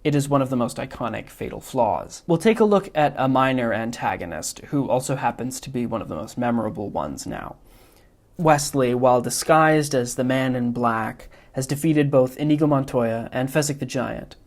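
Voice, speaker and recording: A man hosting a podcast, giving a measured, analytical film discussion. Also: medium pitch. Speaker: podcast host.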